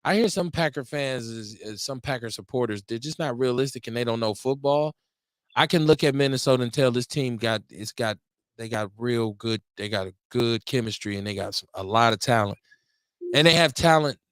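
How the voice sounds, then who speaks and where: A man hosting a casual sports talk show, speaking in a measured, halting way. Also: medium pitch, a bit bright, dry recording. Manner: measured, halting, with fillers and restarts. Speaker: host.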